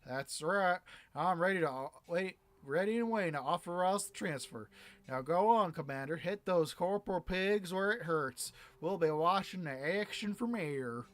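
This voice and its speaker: A man doing a gruff, vengeful miners' leader. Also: a little high, a little slow, close to an everyday voice. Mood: rallying. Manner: put-on accent, spitting anger at the enemy.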